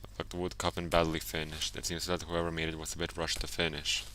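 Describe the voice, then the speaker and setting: A man's voice: extremely low pitch, monotone, fast, bright, forceful tone, a little hiss or hum. A man streaming a horror game, musing aloud and reading its text in casual commentary. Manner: muses aloud, laughs at his own jokes. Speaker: let's play streamer.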